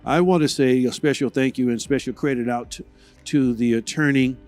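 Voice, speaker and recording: Earnest guy host, lots of uhs and ums, soft music playing under him. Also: medium pitch, fairly even intonation. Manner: earnest, halting, many fillers. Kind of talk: emotional tribute and commentary.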